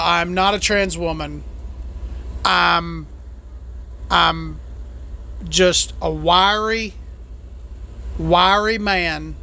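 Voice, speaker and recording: A man hosting a comedy podcast in character, talking in a put-on Southern accent in a rambling, deadpan way full of "uh" fillers. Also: on the high side, gravelly, smooth. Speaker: podcast host.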